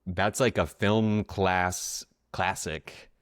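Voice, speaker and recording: A man co-hosting a casual film podcast, talking in a halting way with many fillers and restarts. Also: sits low, fairly even intonation, a bit bright, no echo, clean studio sound. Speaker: podcast co-host.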